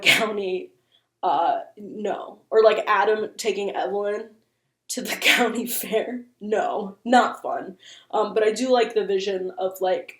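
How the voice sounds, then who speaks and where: Host, female, mid-pitched, chatty and profane, casual recap, echoey room. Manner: chatty, joking, swears casually, lots of fillers. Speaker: channel host.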